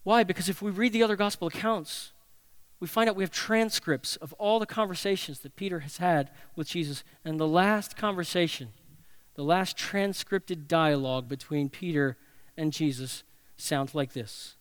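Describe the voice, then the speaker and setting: A man preaches a sermon in a fairly high, smooth voice. He tells the story dramatically, swinging between loud passages and hushed ones. The sound is dry. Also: normal speed, no room sound. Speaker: pastor.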